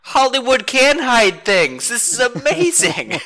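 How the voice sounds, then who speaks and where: A podcast guest making lively, wry asides. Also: mid-range voice, slow, a crowd in the background. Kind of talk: casual chat.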